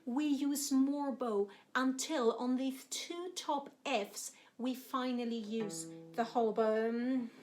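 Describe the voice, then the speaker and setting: High-pitched female cello teacher, warm and encouraging, faint music behind. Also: steady tone, slow pace, few pauses. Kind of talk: instructional music lesson.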